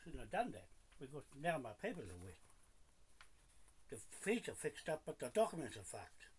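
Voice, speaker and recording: A husky-voiced man mutters and grumbles to himself, swearing freely. His pitch swings widely between low under-the-breath mumbles and louder bursts. He talks alone at his desk in a home office. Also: huge pitch swings, normal speed, poor audio. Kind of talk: muttering to himself on a live stream.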